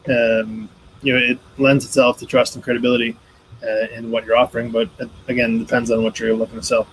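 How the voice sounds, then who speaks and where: Male co-host, average pitch, hesitant rambling delivery; light background noise. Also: level tone, a little fast, low-quality recording. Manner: rambling, many ums and restarts. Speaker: co-host, behind-the-scenes guy. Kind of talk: casual live chat.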